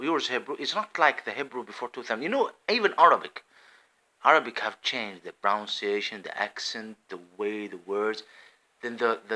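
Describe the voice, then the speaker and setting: A man giving an impassioned religious monologue, swinging between loud emphatic outbursts and hushed asides. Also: mid-range voice. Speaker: religious commentator.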